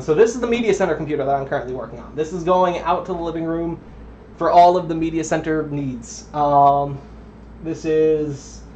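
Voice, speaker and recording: Streaming a computer build from home, a young man chats casually in a slightly high, somewhat mellow voice. He rambles with lots of ums and keeps drifting off the mic, all heard through dull lo-fi audio with faint noise.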